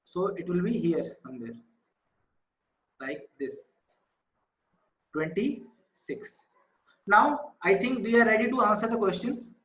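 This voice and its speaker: A man teaches a maths class online in a high-pitched voice. He talks patiently, repeating the key numbers as he explains. The room around him sounds echoey. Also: slow pace, long pauses, fairly bright tone, a little hiss or hum.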